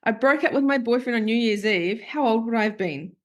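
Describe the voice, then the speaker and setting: Fairly quick and slightly high-voiced, this therapist and podcast host talks frankly, sharing confessional stories. She reenacts remembered quotes as she tells them.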